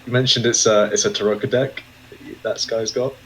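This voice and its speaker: A man's voice: on the low side, steady tone, a little fast, noisy background. A man playing a tabletop game, laid-back and easily amused in casual chat. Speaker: player.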